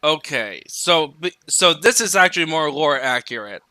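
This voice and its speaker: Bright, high-voiced jokey co-host. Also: male voice, lively intonation, clean tone, no room sound, studio quality. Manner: quick jokey asides and laughter. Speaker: podcast co-host. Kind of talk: casual chat.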